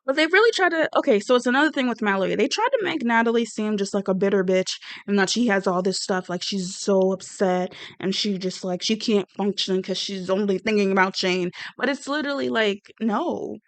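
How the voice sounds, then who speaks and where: A woman's voice: mid-range voice, fairly quick, few pauses, dry recording. A woman giving blunt, rambling, sassy commentary on a reality show. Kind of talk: casual reaction commentary.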